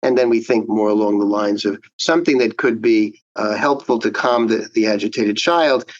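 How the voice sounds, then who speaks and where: A man, a child psychiatrist, giving measured, explanatory answers in an interview. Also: lowish voice, no room sound, muffled recording.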